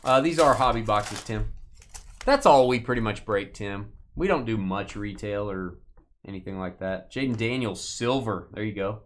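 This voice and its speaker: A man's voice: lowish voice, moderate pace. A man hosting a live card break, chatting casually and joking while calling out player names from the packs.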